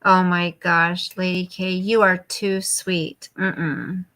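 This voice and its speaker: With a lowish, flat, slow voice and a sharp tone, a woman in her fifties hosts a casual late-night live chat. She reads viewer comments out loud, answers them, and coos to her dog in baby talk.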